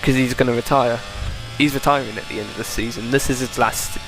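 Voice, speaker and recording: A man's voice: mid-range voice, steady tone, brisk, over music. A young man giving casual, chatty commentary over a racing game replay, thinking aloud and correcting himself. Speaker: gaming video creator.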